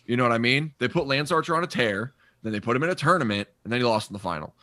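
A man's voice: medium pitch, animated, racing, bright, forceful tone, dry recording, studio quality. A man in casual podcast chat, opinionated and emphatic, often stumbling and restarting his sentences.

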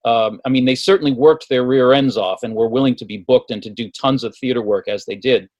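A man's voice: medium pitch, brisk, a little mellow, no echo, lo-fi sound. A man who is a music historian and a radio guest, speaking earnestly and thoughtfully with many fillers. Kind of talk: casual radio chat.

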